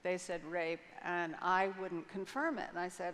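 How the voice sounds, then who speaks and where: A woman's voice: on the low side, little pitch movement, normal speed, fairly bright tone. An older woman telling a personal story candidly as an interview guest on a conference stage, frank and vivid, with hesitant restarts. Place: large conference hall stage. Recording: long hall reverb, faint noise.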